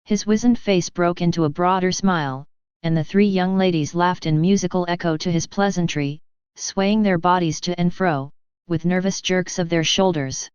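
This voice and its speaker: A woman reads an audiobook in a measured, steady narration. Her voice is low, with very crisp articulation. The recording is dry and a little muffled. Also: no room sound. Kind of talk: scripted narration.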